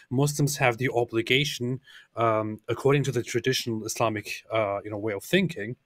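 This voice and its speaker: A man co-hosting, explaining a point in a measured way with frequent fillers. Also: mid-range voice, a bit bright, no echo, clean studio sound. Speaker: co-host. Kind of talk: explanatory commentary.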